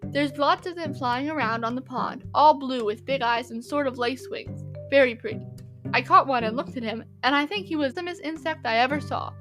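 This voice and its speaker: A woman's voice: high-pitched, a little fast, fairly bright tone, soft background music. Woman reading as an earnest little boy. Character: earnest little crippled boy, eager storyteller.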